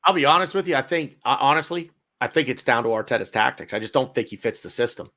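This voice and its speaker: Measured man weighing in hesitantly. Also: medium pitch, expressive, sharp tone. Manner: measured, hesitant with repeated starts. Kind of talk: casual football chat.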